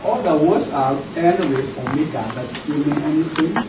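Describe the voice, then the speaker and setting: A man's voice: a little high, moderate pace. A man, a student, asking a hesitant question in class. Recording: distant echoey room with loud noise.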